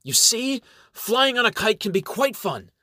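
A man's voice: a little high, lively intonation, slow, fairly bright tone, no echo, studio quality, heavily acted. A man voicing a plucky, cheerful female gnome battle sage in a spoken fantasy story.

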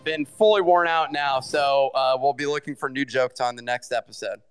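A man co-hosting a casual live show with a sarcastic, teasing edge. His voice is smooth and clear, and he keeps the tone loose. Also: mid-range voice, moderate pace, soft background music. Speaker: co-host. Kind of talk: casual podcast chat.

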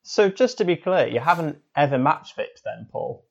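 A man's voice: fairly high pitch, expressive, moderate pace, creaky, darkish tone, lo-fi sound. Awkward mock sports interviewer, man. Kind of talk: comedy sketch, mock interviewing.

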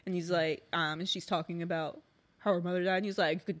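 Expressive woman podcast co-host. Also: on the low side, fairly quick. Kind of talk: casual chat.

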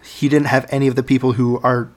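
Male co-host, mid-pitched voice, meandering plot recap full of "uh" and restarts. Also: level tone, fast. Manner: rambling plot recap, hesitant fillers. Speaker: podcast co-host. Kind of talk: casual chat.

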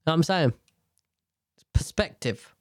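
A man rants about politics in a slow, blunt, sweary way, rambling from point to point. His pitch jumps around a lot as he talks. The sound is dry and close, with no room echo. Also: animated. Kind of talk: profane political rant.

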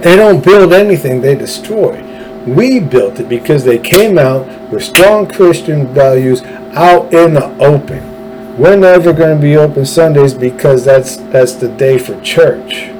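A man rants through a political monologue, hammering points with repeated phrases. His voice is mellow and dark, and he talks at an unhurried pace. A faint hum of room noise sits underneath. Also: fairly high pitch, low-quality recording. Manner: ranting, emphatic, repeats phrases. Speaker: political podcast host. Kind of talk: opinionated monologue.

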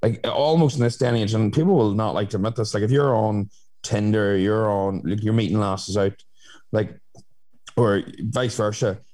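A man's voice: fairly low pitch, steady tone, normal speed, a little mellow. A man in casual chat as a podcast co-host, talking in a rambling, frank way with plenty of fillers.

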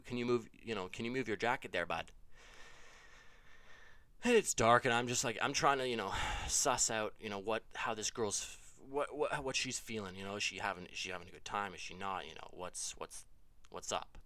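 A man telling a funny story in a loose, swearing, self-interrupting way. His voice leaps up and down as he gets exasperated. The recording is dry and close, with no room sound. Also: no room sound. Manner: rambling, profane, self-correcting; animated, jumps to high exasperated pitch. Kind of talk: casual comedic storytelling.

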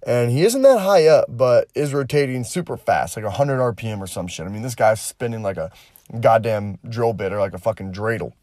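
A man's voice: mid-range voice, lively intonation, a little fast, dark tone, dry recording. A man co-hosting a podcast, giving casual news commentary in a blunt, joking way with plenty of swearing. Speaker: podcast co-host.

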